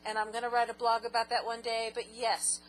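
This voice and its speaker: A woman's voice: a little high, monotone, brisk, a little hiss or hum, rough recording. A woman vlogger answering viewer questions in a giggly, rambling, self-mocking casual chat.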